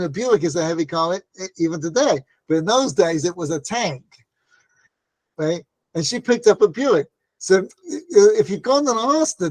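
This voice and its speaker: High-voiced man giving a lively Torah talk. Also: no room sound. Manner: conversational, frequent "right?" asides; acts out quoted voices in stories. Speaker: Torah teacher. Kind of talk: storytelling Torah class.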